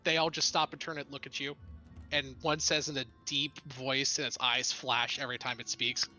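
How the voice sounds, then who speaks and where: Bright-voiced man narrating as game master. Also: mid-range voice, level tone, moderate pace, faint music behind. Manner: laughing, loose narration with many fillers.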